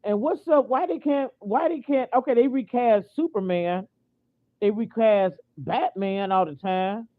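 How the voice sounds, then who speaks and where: A woman's voice: a little high, measured pace. An American woman ranting in a casual vlog, indignant and repetitive, stopping and restarting her sentences with lots of fillers. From United States. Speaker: vlogger. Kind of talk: casual opinion rant. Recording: tinny phone-like audio.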